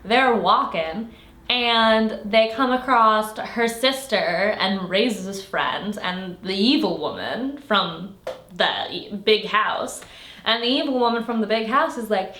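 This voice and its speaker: A woman's voice: mid-range voice, slow pace, pushed and bright. A young woman casually recapping a fantasy novel she reviews, sarcastic and exasperated, with lots of "like" fillers. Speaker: book reviewer. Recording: echoey room.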